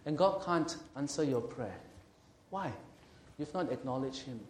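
A male pastor preaching an emphatic sermon. He slows and swells on scripture and asks the congregation questions. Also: mid-range voice, expressive, slight background noise. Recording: roomy hall echo.

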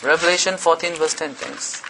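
A man's voice: fairly high pitch, fairly even intonation, moderate pace, background noise. A man preaching a sermon with emphatic repetition, asking his listeners questions.

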